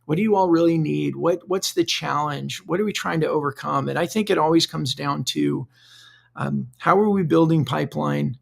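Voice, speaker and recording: Gravelly-voiced man hosting a solo podcast. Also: on the high side, moderate pace. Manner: conversational, loose, repeats words while thinking. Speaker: podcast host. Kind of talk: solo podcast monologue, live-streamed.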